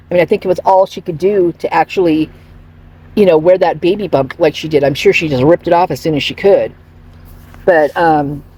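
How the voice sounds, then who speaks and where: A woman hosting a casual commentary vlog, gossipy and rambling, with a husky voice. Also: lowish voice, mellow. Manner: rambling, gossipy, frequent restarts and laughs. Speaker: channel host commenting on celebrity photos.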